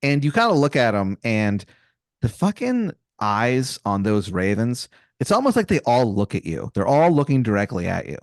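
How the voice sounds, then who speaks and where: A man's voice: medium pitch, very animated, normal speed, dry recording, studio quality. A man improvising a comedy story on a podcast, casual and profane, rambling with fillers. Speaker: podcast co-host.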